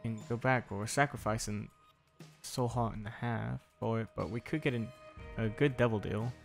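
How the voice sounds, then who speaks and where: A man's voice: lowish voice, steady tone, normal speed, gravelly. A young man giving casual commentary while he plays a video game, chatting and talking to the enemies on screen. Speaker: gaming video creator. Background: faint game music.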